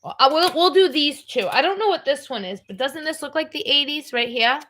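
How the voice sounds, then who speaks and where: A woman's voice: sits high, expressive, fairly quick, a bit bright. A middle-aged woman hosting a livestream, chatting casually in a blunt, rambling way. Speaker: livestream host. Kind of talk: casual chat.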